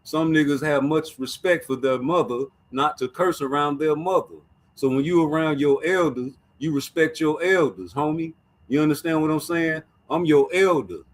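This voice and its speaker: A man's voice: on the high side, fairly even intonation, normal speed. A man hosting a casual streamed boxing talk show, talking in a profane, emphatic way and repeating his points.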